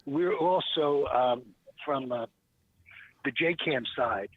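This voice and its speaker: A man, a guest who makes fishing lures, talking on a radio show in a rambling way with many pauses and restarts. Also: medium pitch, slightly rough. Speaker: guest, small lure maker. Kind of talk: radio talk show call-in chat. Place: calling in by phone. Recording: tinny phone line.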